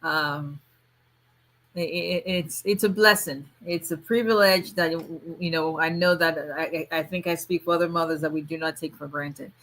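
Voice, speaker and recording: Bright-voiced woman chatting live. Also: sits low, steady tone, normal speed. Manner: warm chatty greetings, frequent restarts and fillers. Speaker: immigration attorney hosting a livestream. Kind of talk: casual livestream chat greeting viewers.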